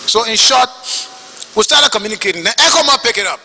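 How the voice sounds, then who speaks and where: A man with a Liberian English accent testifying at a hearing, telling his story in an animated way and acting out the dialogue. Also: high voice, fast talker, big-room sound, poor audio. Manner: animated, acts out quoted dialogue.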